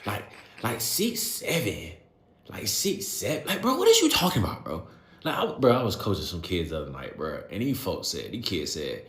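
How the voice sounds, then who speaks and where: A man's voice: low-pitched, normal speed. Late 20s guy ranting about his kids team, voice swinging all over the place, echoey room. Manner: animated, exasperated, slangy. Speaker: youth coach. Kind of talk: storytelling to camera. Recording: roomy echo.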